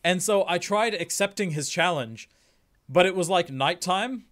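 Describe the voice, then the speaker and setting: Chatty man with a high voice. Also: expressive, measured pace, fairly bright tone. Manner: joking, chatty storyteller. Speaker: game streamer. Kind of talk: casual chat.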